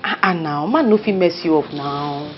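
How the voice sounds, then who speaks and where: An actress playing a best friend who coaxes and comforts, speaking with a Nigerian accent and Pidgin turns. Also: female voice, low voice, normal speed, lo-fi sound, faint music behind, close to an everyday voice. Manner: emphatic, coaxing, lively. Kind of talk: Nollywood film acting.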